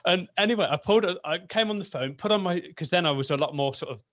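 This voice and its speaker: A man's voice: sits high, quick pace, no room sound. A man from England with a light Yorkshire accent, hosting a podcast in casual chat and telling stories with lots of laughter. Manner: animated storyteller, laughs often, says "brilliant" a lot. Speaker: podcast host.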